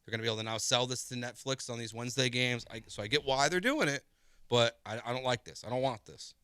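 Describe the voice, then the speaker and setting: Sports radio co-host, bright sharp voice, dry studio sound, keeps repeating himself for emphasis. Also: male voice, medium pitch, fast, clean tone, no echo. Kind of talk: casual sports talk radio.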